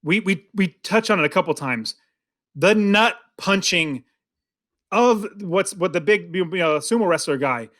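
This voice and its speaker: High-voiced excitable man co-hosting a podcast. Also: measured pace. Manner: rambling, filler-heavy, excitable. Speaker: podcast co-host. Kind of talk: casual movie review chat.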